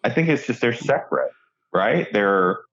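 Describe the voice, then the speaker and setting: A man's voice: mid-range voice, expressive, normal speed, a bit bright, muffled recording. A man co-hosting a podcast, telling stories in a rambling, jokey way with lots of restarts. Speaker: podcast co-host. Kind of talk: casual comedic chat.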